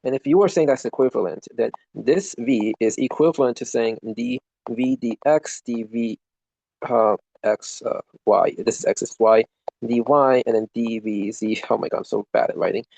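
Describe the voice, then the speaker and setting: A man's voice: medium pitch, normal speed, vocal fry, darkish tone, dry recording, rough recording. A young man talking through a study review, rambling and self-deprecating, swearing at his tablet now and then. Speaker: student reviewing for an exam. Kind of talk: casual screen-recorded study walkthrough.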